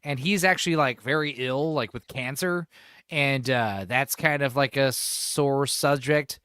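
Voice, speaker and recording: A man's voice: mid-range voice, measured pace, bright, forceful tone, clear, resonant tone, no room sound, clean studio sound. A man hosting a podcast, rambling and profane in casual chat, laughing often. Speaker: podcast host.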